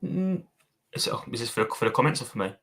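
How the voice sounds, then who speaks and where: A man's voice: medium pitch, very animated, fast, fairly bright tone. A man co-hosting a casual fan podcast, giving blunt opinions, swearing and calling his co-host mate. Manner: blunt, matey, swearing, says mate a lot.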